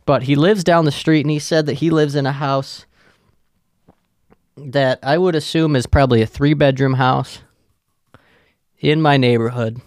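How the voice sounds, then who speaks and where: A man's voice: medium pitch, creaky, dry recording, studio quality. A man with a profane, sarcastic manner, rambling through a casual solo rant as a podcast host.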